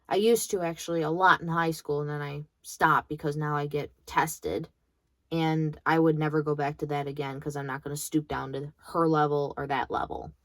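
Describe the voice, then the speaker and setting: A woman's voice: deep voice, little pitch movement, moderate pace, no echo. A young woman in college venting bluntly about her grandmother, swearing freely in a bitter monologue. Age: young adult. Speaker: vlogger.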